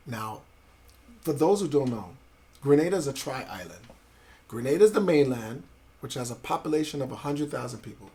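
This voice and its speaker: A man's voice: mid-range voice, normal speed, long pauses, slight background noise. A man, telling his life story as a guest in a casual interview, swearing freely and acting out other people's voices. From Brooklyn, New York. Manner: animated storyteller, acts out voices of family and police; swears freely, street slang.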